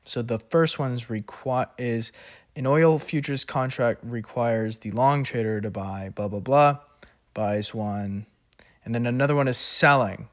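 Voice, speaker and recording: A man's voice: mid-range voice, measured pace. Casual man working through finance problems. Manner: casual, thinks aloud, laughs at himself. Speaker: finance tutor. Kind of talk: worked-example lesson. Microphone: recording at an iPad.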